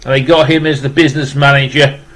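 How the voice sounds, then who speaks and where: A man's voice: medium pitch, little pitch movement, quick pace, a bit bright, low-quality recording. Rambling man. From West Midlands, England. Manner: rambling, repeating "wow" and restarting with many fillers. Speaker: vlogger opening a parcel of rock music gifts. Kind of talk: casual unboxing chat.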